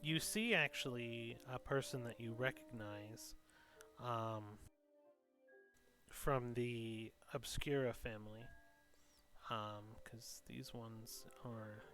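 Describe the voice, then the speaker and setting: A man narrating a tabletop game as game master, with a relaxed way of talking full of ums and restarts. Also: medium pitch, slow, soft background music. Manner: relaxed, filler-heavy narration with many ums.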